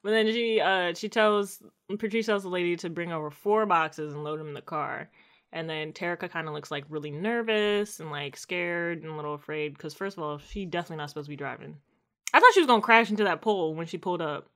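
Bright-voiced woman recapping a show. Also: on the low side, fast talker. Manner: animated storytelling, acts out quotes. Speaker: podcast co-host. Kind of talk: casual chat recapping a TV episode.

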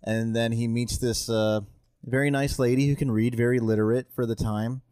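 Male podcast guest, casual and jokey, rambling delivery, mid pitch, dry close-miked sound. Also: steady tone, normal speed, dark tone, smooth, no echo. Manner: joking, rambling, swears casually. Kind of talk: casual chat.

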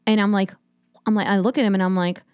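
A woman's voice: mid-range voice, steady tone, fast, darkish tone, clear, resonant tone, no echo, studio quality. A woman comedian chatting casually, telling a long profane story and acting out what people said. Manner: profane storytelling, acts out quotes. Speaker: stand-up comedian. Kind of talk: casual podcast chat.

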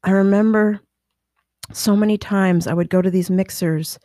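Woman, entrepreneur, motivational storytelling, animated, dry close sound. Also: medium pitch, normal speed, no echo. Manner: animated, acts out quoted voices, restless self-correcting. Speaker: business owner and motivational speaker. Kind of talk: personal storytelling talk.

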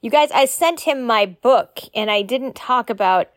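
A woman's voice: fairly high pitch, animated, unhurried, no room sound. Dry-sounding chatty woman. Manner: chatty and joking, with asides. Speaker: editor and publishing coach. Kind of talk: solo podcast talk.

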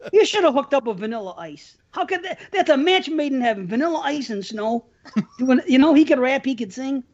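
A man's voice: extremely high pitch, lively intonation, normal speed. A man co-hosting a casual podcast chat, rambling, swearing casually and laughing often. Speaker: podcast co-host. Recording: dull lo-fi sound.

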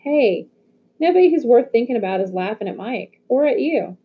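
A woman's voice: a little high, animated, normal speed, slightly rough, pitched above the performer's own voice. A woman reading the lines of an earnest teenage boy comforting a friend in an audiobook. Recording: phone-like narrow audio.

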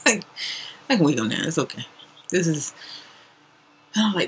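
A woman's voice: low-pitched, normal speed, slight background noise, poor audio. A woman hosting a podcast, telling a story casually and acting out what people said, sometimes dropping to a whisper. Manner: animated, acts out quotes, drops to whispers. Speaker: podcast host.

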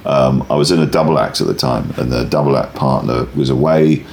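Speaking fairly quickly in an extremely low voice, a man who does stand-up recounts an animated, meandering anecdote in an interview, often interrupting himself to start sentences over. The room is echoey, and there's a little hiss or hum.

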